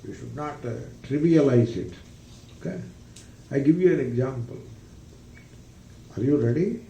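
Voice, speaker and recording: A male spiritual teacher gives a philosophy discourse in a dark, gravelly voice. He speaks deliberately and stresses his points with rhetorical questions. The mic sits far back in a roomy hall, with faint ambience behind. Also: mid-range voice, a little hiss or hum. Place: retreat ranch hall.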